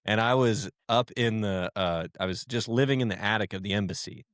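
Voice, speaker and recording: A man's voice: fairly low pitch, fairly quick, fairly bright tone, clean tone, no echo, clean studio sound. A young man co-hosting a podcast, casually telling stories with lots of fillers and restarts. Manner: rambling, storytelling with fillers. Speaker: podcast co-host. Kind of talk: casual chat.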